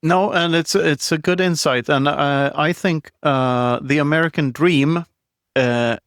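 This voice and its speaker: A man's voice: on the high side, unhurried, fairly bright tone, clean tone, no room sound, studio quality. A man speaking as a podcast guest, blunt and opinionated, laughing often and swearing freely. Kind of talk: casual conversation.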